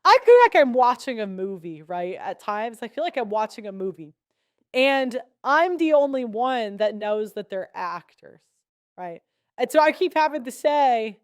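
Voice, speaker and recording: A woman's voice: fairly high pitch, expressive, moderate pace, clear, resonant tone, dry recording, clean studio sound. A young woman giving blunt, sarcastic commentary as a podcast host, laughing between points. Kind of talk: casual opinionated commentary.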